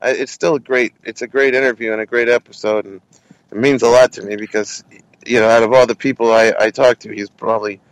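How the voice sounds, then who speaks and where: A man's voice: mid-range voice, fairly quick, no room sound, low-quality recording. Man telling stories in a dry room. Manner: animated, many restarts and quoted voices. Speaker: podcast host interviewing comedians. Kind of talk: casual storytelling in an interview.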